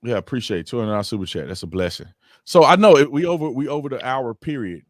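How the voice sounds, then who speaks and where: A man's voice: medium pitch, fast talker, no room sound. Laid-back male host, dry sound. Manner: relaxed, stumbling restarts, easy laughter. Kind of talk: casual livestream chat.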